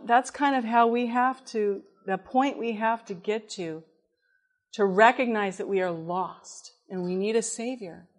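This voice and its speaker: A woman preaching in a conversational, storytelling way, laughing at times as she tells her story. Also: a little high. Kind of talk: storytelling sermon.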